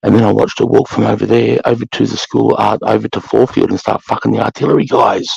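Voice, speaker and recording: A middle-aged Australian man with a very deep, gravelly voice tells stories bluntly and profanely. His tone is husky. The recording is dry and sounds dull and lo-fi. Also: fairly even intonation, fast talker, darkish tone, no echo. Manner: blunt, profane, swaggering storyteller. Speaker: podcast co-host, former army sergeant. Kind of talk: casual chat, storytelling.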